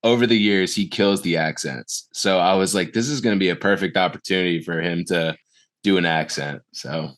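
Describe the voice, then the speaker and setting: Low-voiced male podcast host. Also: moderate pace, a bit bright. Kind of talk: casual podcast chat.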